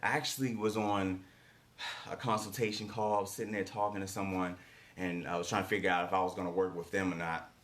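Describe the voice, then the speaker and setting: A man's voice: sits low, level tone, a little fast, fairly bright tone. A man giving a motivational coaching talk, emphatic and repetitive, often checking in with rhetorical questions. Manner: emphatic, repeats key lines, rhetorical "right?" checks.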